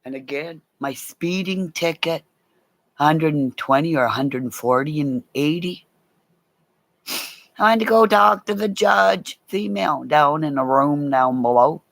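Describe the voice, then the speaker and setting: A middle-aged woman with a rough, gravelly voice tells salty personal stories, swearing freely and breaking into laughter. She talks slowly, drawing each beat out. Her voice sounds close and dry, with no room around it. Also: low-pitched, no echo. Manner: animated, swears a lot, laughs mid-story. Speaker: storyteller. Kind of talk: casual profane anecdote telling.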